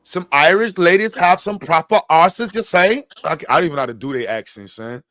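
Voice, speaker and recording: Animated, cursing male co-host, fairly high voice. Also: fairly quick, no room sound. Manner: laughing, swearing, slangy, animated. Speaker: podcast host. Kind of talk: casual comedic reaction talk.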